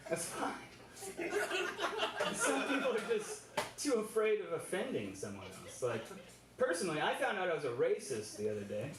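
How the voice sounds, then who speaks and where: A man performing a stand-up comedy set with deadpan, absurd one-liners on a club stage. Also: fairly high pitch, moderate pace, distant mic, heavy background noise. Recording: roomy live club recording with loud ambience.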